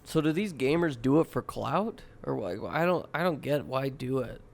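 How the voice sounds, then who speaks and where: Dude on a podcast asking blunt stuff, dry and wry, mid pitch. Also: male voice, expressive, normal speed, gravelly. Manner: wry, asks blunt questions. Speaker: podcast co-host. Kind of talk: casual chat.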